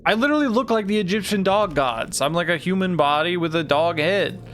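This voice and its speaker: A man's voice: sits high, expressive, a little fast, fairly bright tone, slight background noise. A young man streaming a game, joking around, swearing and laughing often. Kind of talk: casual game stream commentary.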